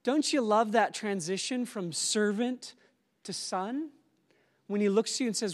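High-voiced man preaching in a reverberant hall. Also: measured pace. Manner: animated, rising to loud exclamations and dropping to soft reflective asides. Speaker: conference speaker. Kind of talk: sermon. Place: church auditorium. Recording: live in a large hall with long reverb.

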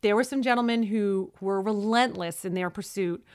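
A woman's voice: medium pitch, normal speed, clean tone. A middle-aged woman from Brooklyn with a New York accent, co-hosting a podcast and chatting wryly about dating. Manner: chatty and wry, telling dating stories. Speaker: podcast co-host. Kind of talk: casual chat.

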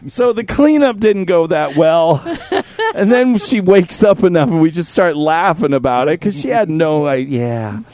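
A middle-aged man hosting a radio show, telling a crude comic story in an animated way, swearing freely and bursting into shouted impressions. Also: on the high side, measured pace.

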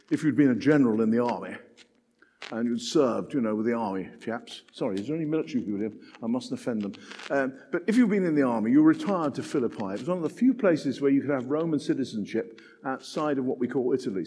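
Older man preaching in echoing hall. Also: a little high. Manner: animated, conversational, self-deprecating asides. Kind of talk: sermon.

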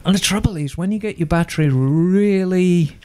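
A man's voice: high-pitched, normal speed, a little mellow, clear, resonant tone. A man co-hosting a podcast, explaining motorcycle wiring in a playful, conversational way. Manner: explanatory, playful, varied intonation. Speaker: motorcycle mechanic podcast co-host. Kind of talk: casual podcast chat, explaining.

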